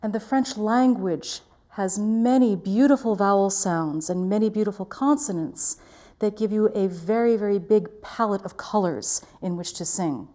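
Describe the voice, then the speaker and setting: Woman voice teacher, warm mellow tone, careful precise articulation. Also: mid-range voice. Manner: clear, careful articulation, demonstrating vowels. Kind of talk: diction lesson.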